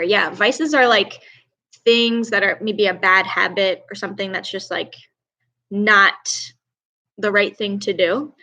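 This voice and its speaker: A young woman teaches an online class, speaking into a computer mic on a video call. Her pitch sits in the middle, and she keeps a chatty, upbeat tone. She praises students by name as she goes. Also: sharp tone, low-quality recording.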